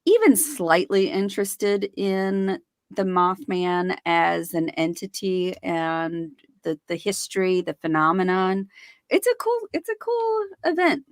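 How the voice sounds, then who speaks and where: A woman's voice: on the low side, animated, slow pace, no room sound, studio quality. A woman co-hosting a podcast, chatty and enthusiastic with jokes. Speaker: podcast co-host. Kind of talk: casual chat.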